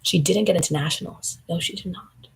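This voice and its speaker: A woman rambling through a conspiratorial stream commentary, her talk swinging between hushed asides and loud outbursts. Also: on the low side, brisk, slight background noise, low-quality recording. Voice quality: gravelly, raspy.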